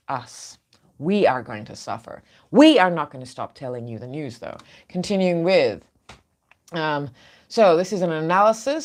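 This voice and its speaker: A woman hosting an opinionated news show, outspoken and sarcastic in her asides. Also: low-pitched.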